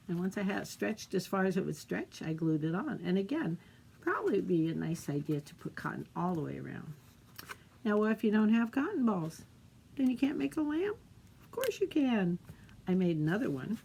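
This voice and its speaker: Lively gravelly-voiced storytime librarian. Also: female voice, medium pitch, a little hiss or hum. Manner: gentle, encouraging, talks to kids. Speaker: children's librarian. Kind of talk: children's storytime and craft demo.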